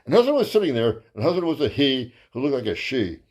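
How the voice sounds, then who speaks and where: A man telling a rambling, profane stand-up story as host of his own comedy show. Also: fast. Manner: crude, profane, rambling with fillers; lively, jumps to high voices for quotes.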